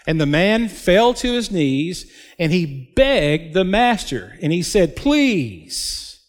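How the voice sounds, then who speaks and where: A man preaching a sermon as a pastor, slow and emphatic, with dramatic pauses. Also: high voice, lively intonation. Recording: long hall reverb.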